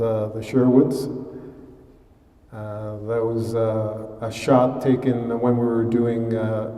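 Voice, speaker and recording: A Canadian-born man gives a museum lecture in a relaxed, conversational way, pausing with frequent fillers. His voice is mellow and sits in a middling register. He is heard from a distance, with the long reverb of a large hall around him. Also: medium pitch. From Canada, born in Halifax. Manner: conversational, many fillers, mimics relatives in quotes. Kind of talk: public lecture. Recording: echoey hall from far off.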